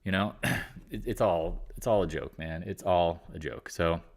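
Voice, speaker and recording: A man's voice: deep voice, moderate pace. A man hosting a casual live market chat, talking in a blunt, rambling and exasperated way. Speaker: market commentary host.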